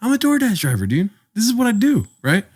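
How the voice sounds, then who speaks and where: A man's voice: sits high, fast talker, slightly rough. A young man co-hosting a podcast, telling a story in casual chat, swearing often and acting out the voices of people in it. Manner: animated, swears often, acts out voices in his stories. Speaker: podcast co-host.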